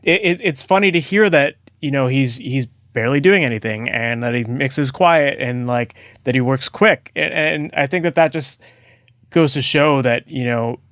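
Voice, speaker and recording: A man hosting a podcast and chatting casually with his guest. He reflects on the guest's points in quick asides and uses "like" often. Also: medium pitch, fairly bright tone, no room sound, clean studio sound. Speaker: podcast host. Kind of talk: casual interview chat.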